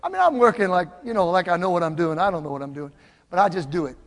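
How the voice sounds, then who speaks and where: An older male pastor with a high voice, preaching animatedly in a church. He swings from shouted praise to hushed asides, and his voice rings with long reverb through the sanctuary. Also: fast. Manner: animated, swings from loud exclamations to soft asides. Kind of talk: sermon with storytelling.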